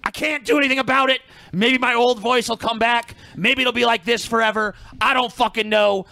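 A man co-hosting a podcast with a raspy, gravelly voice he says comes from smoking, who swears constantly and rants loudly in crude casual chat. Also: extremely high pitch, steady tone, fairly quick, hardly any pauses, dry recording. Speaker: podcast co-host.

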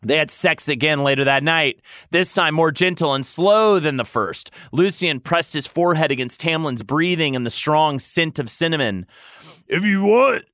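A man, a podcast host, narrating in a mock-sultry, deadpan comedic reading. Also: on the high side, moderate pace, no echo, studio quality.

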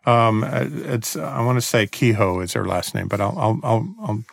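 Earnest man with gravelly voice. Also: medium pitch, moderate pace, dry recording, clean studio sound. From Texas. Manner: earnest, reflective, with restarts. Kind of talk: casual chat about a film.

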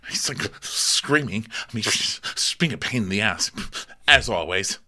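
A man doing a reality-show guy ranting at his friends, bright forceful voice that swings up and down, fast and fed up, cursing freely. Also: fairly low pitch, lively intonation, exaggerated voice. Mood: defensive. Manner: exasperated, swearing, rapid rant.

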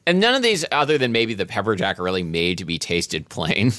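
A man with a bright, forceful voice and a lowish pitch, chatting casually as a podcast co-host. He keeps stopping and restarting his sentences. The sound is close and dry. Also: wildly swooping pitch, brisk, dry recording. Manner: hesitant, many restarts and fillers. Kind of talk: casual chat.

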